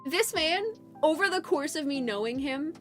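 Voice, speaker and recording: A young woman streamer chatting casually with her viewers and telling a story. She is animated and laughs often, jumping from loud bursts to mumbled asides. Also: high-pitched, normal speed. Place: home streaming setup. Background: faint background music.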